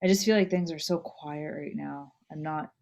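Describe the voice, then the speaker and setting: A woman's voice: deep voice, moderate pace, creaky, a little mellow. A young woman co-hosting a casual chat, rambling and laughing often as she talks. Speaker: podcast co-host.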